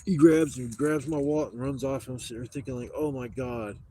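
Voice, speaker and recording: A man's voice: medium pitch, fast, warm tone, a little hiss or hum. A man on a live stream telling a story in casual talk, rambling and swearing a lot.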